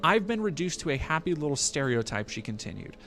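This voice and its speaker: A man's voice: a little high, sing-song, brisk, a bit bright. A man streaming, reading a news article aloud and breaking off with profane, sarcastic comments.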